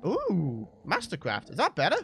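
A young British man giving excited, chatty let's play commentary as the host of a gaming channel. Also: on the high side, normal speed, gravelly, breathy edge. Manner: excitable, chatty, bursts into shouts and laughs.

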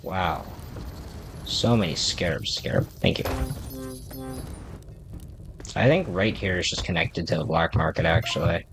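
This casual gameplay commentary comes from a male video creator who chats to the game's characters and rambles in a self-deprecating way. He speaks in a low voice at a moderate pace over music and background noise.

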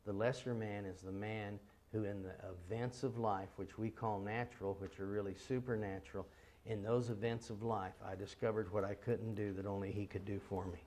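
A middle-aged man delivers a seminar sermon in a fairly low voice. He tells folksy, animated stories and drops into a soft, hushed tone for the prayerful passages. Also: moderate pace. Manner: folksy, animated storytelling with laughter. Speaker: seminar speaker and teacher. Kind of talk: sermon with storytelling.

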